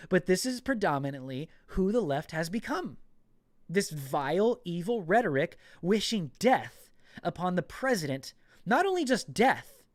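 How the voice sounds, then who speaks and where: A man hosts a commentary podcast in an indignant mood, driving his arguments home by emphatically repeating words. His voice is fairly high for a man, and the recording is dry and close with no room echo.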